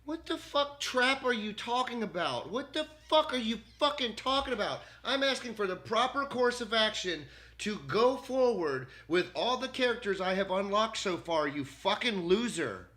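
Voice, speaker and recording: Furious, profane man with a bright voice. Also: high voice, expressive, moderate pace, hardly any pauses. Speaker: gamer streamer. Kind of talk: profane rant at an AI.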